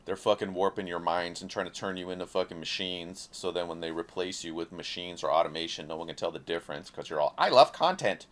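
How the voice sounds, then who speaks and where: A man's voice: low voice, flat delivery, fast talker, few pauses. A man giving a passionate, profane, rambling monologue as an independent creator speaking to camera. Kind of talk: casual talking-head monologue.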